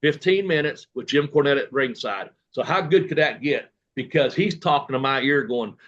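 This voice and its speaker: A man's voice: mid-range voice, lively intonation, moderate pace, fairly bright tone. Man telling wrestling stories, lo-fi sound. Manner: rambling anecdotes with quoted dialogue and fillers. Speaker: guest, retired professional wrestler. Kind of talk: casual storytelling interview.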